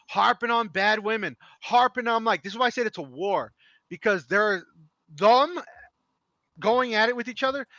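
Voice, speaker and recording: A man's voice: high voice, sharp tone, no room sound. A middle-aged man ranting on a podcast, impassioned, emphatic and profane. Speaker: podcast co-host. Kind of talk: heated opinion rant. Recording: dry, dull lo-fi sound.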